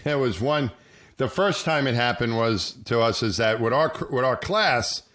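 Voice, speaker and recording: A middle-aged man tells a long, rambling story on a podcast, circling back and restarting his sentences. His voice sits at a middle pitch and gets animated whenever he quotes other people. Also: measured pace. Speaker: podcast co-host, former astronaut. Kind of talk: casual storytelling chat.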